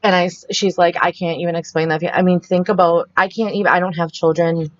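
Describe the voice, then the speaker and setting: A young woman telling a frightening personal story in a halting way, often quoting what people said to her. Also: lowish voice, fairly even intonation. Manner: halting, retells the scene with quoted dialogue. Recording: dull, muffled dry sound.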